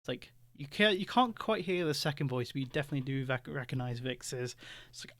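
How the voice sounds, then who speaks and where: A man's voice: medium pitch, expressive, fairly quick, fairly bright tone, no room sound. A man game master narrates a tabletop role-play scene in a middling voice. He hesitates and restarts often, feeling his way through the description. The recording is dry and close. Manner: hesitant, filler-heavy narration.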